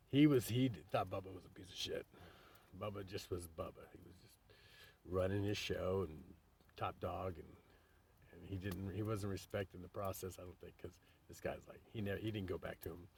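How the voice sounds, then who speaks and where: A man's voice: lowish voice, creaky. A man telling rambling, profanity-laced stories in a casual vlog, calling his listeners babe. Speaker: vlogger. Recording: distant mic with faint background noise.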